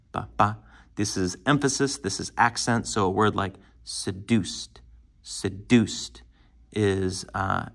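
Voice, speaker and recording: A man's voice: on the low side, creaky, fairly bright tone. A man teaching a lecture on poetry, talking loosely with many fillers and restarts.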